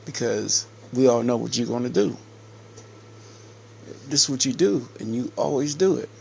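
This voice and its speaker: A man giving a slow, repetitive, scolding casual rant to camera as a vlogger. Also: mid-range voice, lively intonation, vocal fry, a little mellow, a little hiss or hum.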